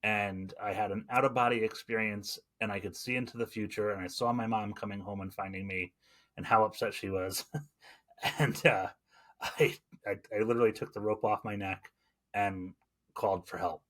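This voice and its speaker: Low-voiced man, rambling podcast host. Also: fairly even intonation, normal speed, a bit bright. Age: 40s. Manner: rambling, frequent fillers and restarts. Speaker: podcast host and former EMT. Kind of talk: casual podcast conversation.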